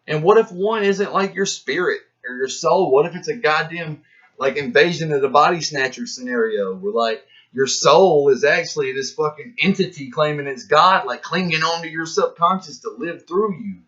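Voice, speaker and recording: A man's voice: a little high, fairly quick. Rambling, profane man on lo-fi audio. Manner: profane, slangy, animated, acts out inner voices. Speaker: rapper musing to camera. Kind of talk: rambling philosophical monologue. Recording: dull lo-fi sound.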